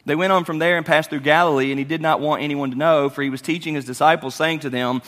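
A man preaching a sermon as pastor, animated and shifting between loud and quiet delivery. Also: on the high side, quick pace, hardly any pauses. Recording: long hall reverb.

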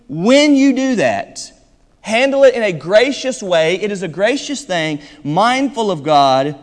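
A man preaching a sermon as pastor in a church, with emphatic delivery that moves between quick asides and slow, stressed phrases. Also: fairly high pitch. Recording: hall reverb.

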